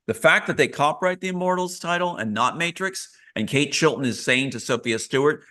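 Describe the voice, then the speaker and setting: A man's voice: medium pitch, lively intonation, moderate pace, sharp tone. A man as a live interview guest, talking earnestly and emphatically, repeating key phrases.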